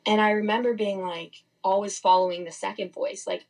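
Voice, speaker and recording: Gravelly young woman, candid testimony. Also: medium pitch, fairly even intonation, a little fast, hardly any pauses, rough recording. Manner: candid, rambling, frequent "like" fillers. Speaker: podcast guest. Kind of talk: casual testimony.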